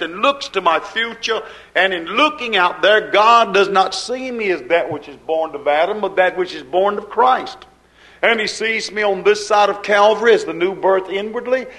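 A man preaching a sermon with a fervent, rhythmic cadence, swinging between soft asides and loud, emphatic lines. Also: high voice, rough recording.

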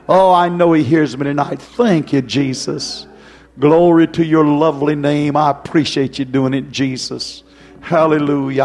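A man preaching a fervent revival sermon in a gravelly, somewhat high voice, moving between ringing cries and near-whispered prayer. Soft music plays faintly behind him. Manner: emotional, swings from loud cries to hushed prayer.

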